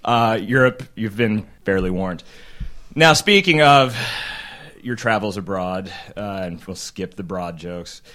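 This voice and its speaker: A man hosting a podcast who interviews puppet guests in a dry, deadpan way. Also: fairly low pitch, slow. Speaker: podcast host. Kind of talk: comedy interview.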